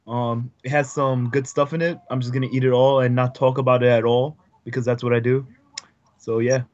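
A man's voice: medium pitch, flat delivery, fairly quick, darkish tone. A man co-hosting a podcast in casual chat, teasing and hesitant, with many ums. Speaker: podcast co-host. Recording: dull lo-fi recording.

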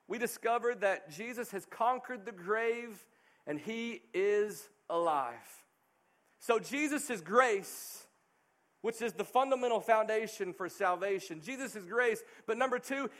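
A man's voice: high voice, a bit bright. A middle-aged male pastor preaching a sermon, earnest and emphatic.

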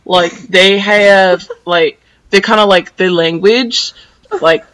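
A woman's voice: mid-range voice, fairly even intonation, slow pace, fairly bright tone, slight background noise, low-quality recording. A teenage girl from San Diego, chatting as a podcast guest and rambling with lots of "like". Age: teens. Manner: rambling, says like constantly. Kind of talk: casual chat.

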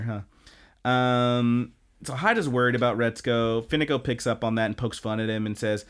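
Man, podcast co-host, casual chat, rambling, profane, mid-range pitch. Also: moderate pace, clean tone. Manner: rambling, profane, animated storytelling. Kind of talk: casual chat, recapping an anime.

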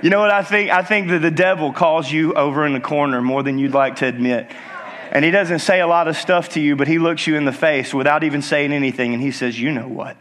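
Lively male preacher, fairly high voice. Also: brisk. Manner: call-and-response exhortation; lively, swinging between emphatic and hushed. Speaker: pastor. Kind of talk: sermon.

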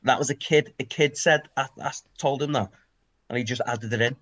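A young man, co-hosting a casual podcast chat and telling stories with sweary, excited energy. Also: mid-range voice, fairly quick, muffled recording, slight background noise. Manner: animated, sweary, excitable storytelling. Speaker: podcast co-host.

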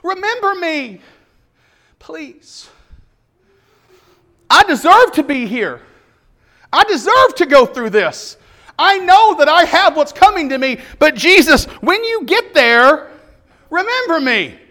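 Brief: male preacher as a desperate thief on a cross, hushed and pleading, high-pitched. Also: sing-song, takes it slowly, pauses often, exaggerated voice. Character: repentant dying thief on a cross.

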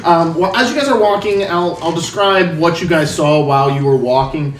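A man's voice: fairly high pitch, moderate pace, reverberant, recorded from a distance. A man narrating a tabletop game as game master, rambling with many fillers. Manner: rambling, filler-heavy description.

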